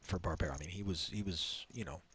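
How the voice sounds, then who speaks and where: A man doing live poker commentary and telling animated stories, laughing as he goes. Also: low-pitched, fast, breathy edge. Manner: animated storyteller, laughs through anecdotes.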